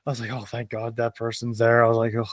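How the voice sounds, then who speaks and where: Young guy hosting a chat show, laughs a lot, dead dry mic, regular pitch. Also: monotone, fast talker, no echo. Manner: laughs often while telling stories. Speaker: podcast host. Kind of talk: casual chat.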